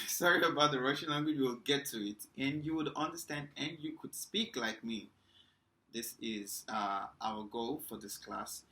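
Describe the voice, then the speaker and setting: Slow, bright-voiced male language teacher. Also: mid-range voice. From Nigeria. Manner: repeats words slowly for drilling, chatty with fillers. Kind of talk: online language lesson.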